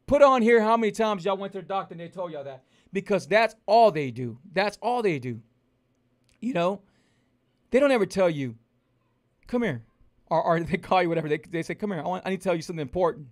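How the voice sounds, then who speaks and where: High-pitched male health coach, emphatic and repetitive, preacher-style motivational talk.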